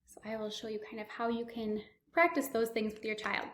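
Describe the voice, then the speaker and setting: A young woman speech therapist giving a children's speech lesson, slow and exaggerated, with excited gasps. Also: a little high, roomy sound, background noise.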